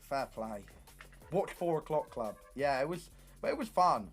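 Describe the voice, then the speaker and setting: Young man, casual stream chat, animated storytelling, lively pitch, faint music behind. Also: measured pace, slightly rough. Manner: animated storytelling, swears often.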